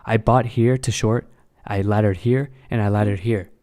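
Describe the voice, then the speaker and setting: A man's voice: lowish voice, steady tone, moderate pace, mellow. A young man talking casually on a live stream about his crypto trades, blunt and swearing often, repeating himself.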